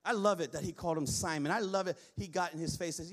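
A male pastor with a high voice delivers a sermon in a church. He reads scripture aloud and calls on the congregation to repeat after him. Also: fast talker. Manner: preaching, quoting scripture, calls on the congregation to respond.

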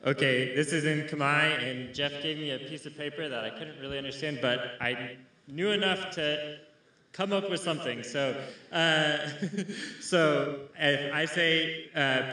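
A man's voice: on the high side, a little slow, bright, forceful tone. A man leading a call and response in a self-deprecating, laughing way. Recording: echoey room from far off.

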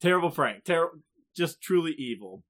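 A man co-hosting a podcast, recapping anime episodes in casual, animated chat and often laughing. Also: fairly high pitch, moderate pace. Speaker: podcast co-host.

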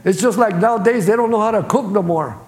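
Fast and sitting high, a slightly mellow man's voice preaches a sermon from the church sanctuary. As pastor he uses everyday, colloquial wording and voices characters, all captured with an echoey church-hall sound.

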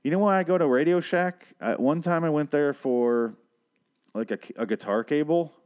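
A man's voice: a little high, normal speed, a little mellow, clean tone. A man from Michigan hosting a podcast, ranting in a rambling, sarcastic and profane casual monologue. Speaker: podcast host.

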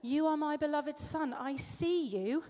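A woman voicing a loving father who earnestly and gently pleads with his son during a sermon, in an echoey hall. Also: extremely high pitch, unhurried. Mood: pleading.

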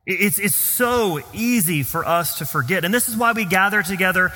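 Earnest Southern pastor in a reverberant hall. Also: male voice, high voice, pushed and bright. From Southern United States. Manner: earnest, emphatic, slows down on key phrases. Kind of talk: sermon. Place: church sanctuary.

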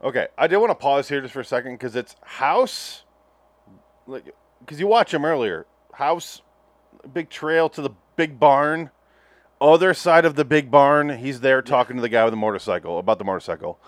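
A man's voice: medium pitch, lively intonation, moderate pace, no echo. Brief: male podcast co-host, profane and sardonic, recorded close and dry. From Phoenix area. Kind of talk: casual chat.

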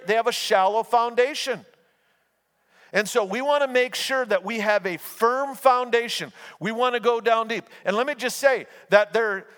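High-voiced man preaching in a reverberant hall. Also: fairly bright tone. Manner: conversational preaching with repeated restarts and acted-out anecdotes. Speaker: pastor. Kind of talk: sermon.

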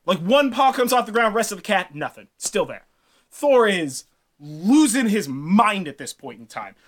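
Brief: male podcast host, casual myth retelling, slangy, lively pitch. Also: normal speed. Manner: slangy, laughing, animated. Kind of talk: casual storytelling.

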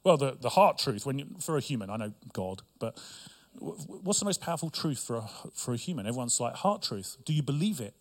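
Lively, animated male pastor preaching. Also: medium pitch, fairly quick. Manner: lively preaching with humor and asides to the congregation. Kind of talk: sermon.

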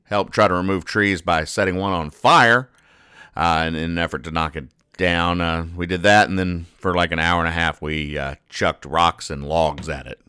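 A man hosting a comedy podcast, recapping comic strips in a rambling, self-deprecating deadpan. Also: deep voice, moderate pace, clean tone, no echo, studio quality. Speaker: podcast host.

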